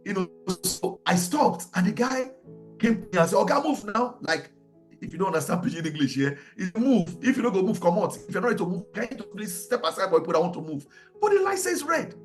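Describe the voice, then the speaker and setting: A man's voice: high-pitched, brisk, soft background music. A man with a Nigerian accent teaching a marriage class, telling stories with lots of restarts and repeated words. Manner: animated storytelling with many restarts.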